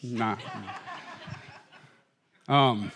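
A middle-aged man preaching a sermon as pastor, with humorous, animated storytelling. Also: medium pitch, drawn-out words, a little hiss or hum. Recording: reverberant hall.

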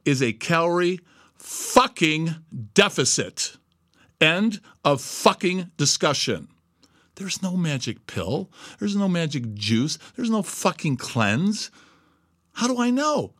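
A man's voice: on the high side, fairly bright tone, no echo, studio quality. Blunt, foul-mouthed man ranting. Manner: blunt, swears constantly, emphatic. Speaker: host. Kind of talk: profane motivational monologue.

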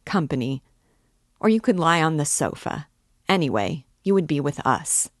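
A woman reading aloud, voicing a hot-tempered young man who scolds and blusters at his friend in raised, rapid outbursts. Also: sits low, no room sound, studio quality, full character voice.

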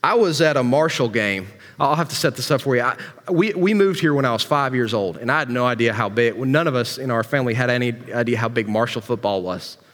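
A man's voice: mid-range voice, animated, brisk, fairly bright tone, long reverb tail. A man preaching a sermon as pastor, mixing scripture with folksy, joking stories. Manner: folksy storytelling with humor.

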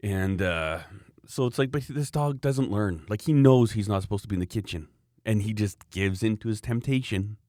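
Low-voiced man, rambling wry chat. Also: moderate pace, mellow, no room sound, studio quality. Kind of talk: casual chat.

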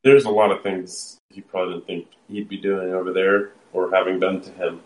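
A man's voice: low voice, fairly even intonation, a little fast, low-quality recording. A man chiming into a casual show recap chat with dry, wry remarks.

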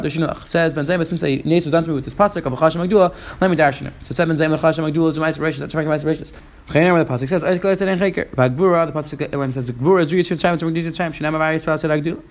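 A man giving a Talmud class in a quick, steady flow, mixing Hebrew and Aramaic quotes with English explanations. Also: on the high side. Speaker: Talmud teacher. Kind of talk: Gemara study class.

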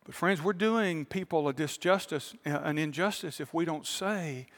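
A male pastor, preaching a sermon. He tells a story calmly, then builds to fervent appeals to the congregation. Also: fairly high pitch, moderate pace, long reverb tail. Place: large church auditorium.

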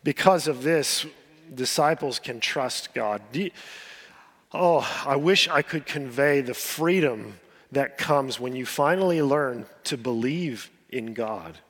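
Earnest pastor in a reverberant hall. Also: male voice, medium pitch, takes it slowly. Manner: earnest, pleading, with soft drops and repeated words. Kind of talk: sermon.

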